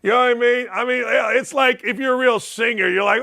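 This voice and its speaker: Fired up middle aged guy hosting sports talk, gravelly and loud. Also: very high-pitched, fairly even intonation, brisk. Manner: fired up, loud, ranting with bursts of shouting. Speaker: sports talk show host.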